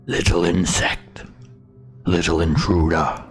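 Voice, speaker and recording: A man voicing a hostile male stone giant in a tabletop game, speaking slowly and threateningly with a booming voice. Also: level tone, soft background music. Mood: menacing.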